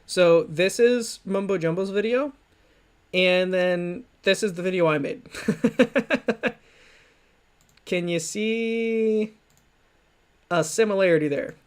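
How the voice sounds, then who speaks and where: A man's voice: high voice, a little slow, clear, resonant tone. A man hosting a livestream, talking loosely and mocking himself with many restarts and fillers. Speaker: streamer reacting to his old videos. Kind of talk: livestream commentary.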